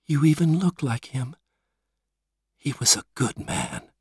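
Dying mom in a storybook, soft and quiet, a bit husky and dry, read by a guy. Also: wildly swooping pitch, takes it slowly, no room sound, full character voice. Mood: tender. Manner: soft, quiet, raised pitch. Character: dying young mother, gentle and dreamy.

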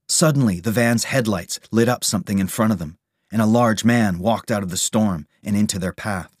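A man reading a storybook aloud as narrator, steady and measured. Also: lowish voice, dry recording, studio quality.

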